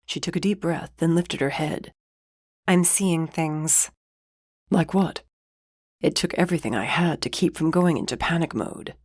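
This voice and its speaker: Low-voiced woman reading a fantasy audiobook. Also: fairly quick, hardly any pauses, husky, dry recording, clean studio sound. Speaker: audiobook narrator. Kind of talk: first-person audiobook narration.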